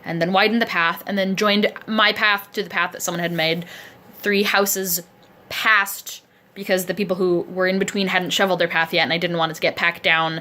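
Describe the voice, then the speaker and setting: Woman vlogger, bright voice, a bit low, rambling chatty diary delivery, sounds sore and achy. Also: level tone, moderate pace. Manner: chatty, rambling, self-deprecating. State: sore and aching. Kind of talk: casual video diary. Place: indoors at a friend's home, seated in a chair. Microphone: camera close to the face.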